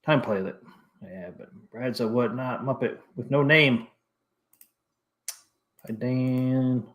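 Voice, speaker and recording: A man's voice: medium pitch, steady tone, slow, dull audio. A man hosting a casual live stream, laid-back as he reads viewer messages aloud and chats. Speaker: host of a live stream show.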